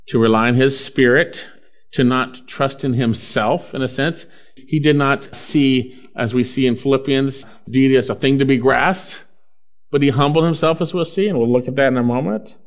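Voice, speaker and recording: An earnest male preacher with a mid-range voice delivers a sermon, reading scripture aloud. He swings between lifting some phrases with loud emphasis and slowing others to a hushed, deliberate pace.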